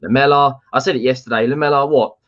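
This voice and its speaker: A man's voice: mid-range voice, quick pace, crowd noise. Blunt, heated man on a lo-fi call. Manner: animated, blunt, repeats himself. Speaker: football podcast panelist. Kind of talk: casual heated chat.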